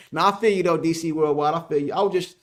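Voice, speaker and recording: A man's voice: on the high side, fast talker. A man hosting a casual sports live stream, reading the chat aloud, joking, laughing and repeating himself.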